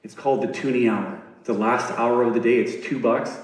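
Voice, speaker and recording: A man giving an earnest inspirational talk on stage, building to emphatic peaks and dropping to soft endings. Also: medium pitch, fairly even intonation, a little fast. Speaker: TEDx speaker. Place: large hall on stage. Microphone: recorded from the audience on a phone. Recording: very echoey hall, distant phone recording.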